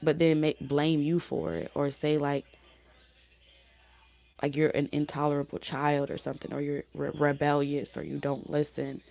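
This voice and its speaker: A woman giving a casual spoken tarot reading, talking loosely with many fillers and restarts, her voice going hoarse. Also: deep voice, completely flat delivery, normal speed, darkish tone. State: losing her voice. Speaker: tarot reader.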